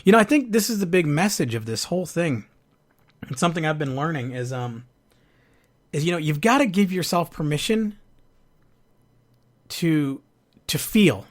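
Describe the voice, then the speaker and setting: A man hosting a podcast, speaking earnestly and haltingly about his own grief and hurt, with frequent restarts. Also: fairly high pitch, big pitch swings. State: going through a divorce, sad. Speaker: podcast host. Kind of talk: personal reflective monologue.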